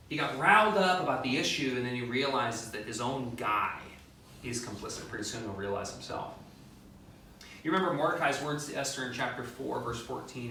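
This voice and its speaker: Bright-voiced preacher in an echoing church. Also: male voice, medium pitch, slight background noise. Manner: animated, acts out quotes, joking asides. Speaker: pastor. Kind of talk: conversational sermon. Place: church sanctuary. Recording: very echoey, distant mic.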